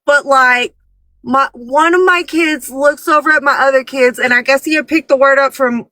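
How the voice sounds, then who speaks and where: A woman's voice: high-pitched, normal speed, dry recording. A woman in her thirties, a parent, chatting casually and acting out quotes as she tells stories. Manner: animated storyteller who acts out quotes. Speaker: parent telling stories on a podcast. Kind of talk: casual chat.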